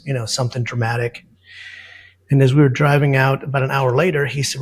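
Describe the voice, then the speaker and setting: Gravelly-voiced man telling safari stories. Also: medium pitch, a little fast. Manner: relaxed, rambling anecdotes with many fillers. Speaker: safari guide and wildlife photographer guest. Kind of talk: casual storytelling.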